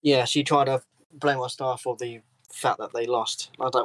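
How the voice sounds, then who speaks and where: A man's voice: mid-range voice, normal speed, no room sound, low-quality recording. A man co-hosting a podcast, telling workplace stories in casual chat and swearing freely. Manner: swears freely, animated storytelling. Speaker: podcast co-host.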